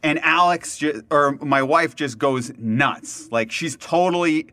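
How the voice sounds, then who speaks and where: A young man on a podcast telling a story in casual chat, animated and laughing often, with many fillers. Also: on the high side, slow pace, no room sound.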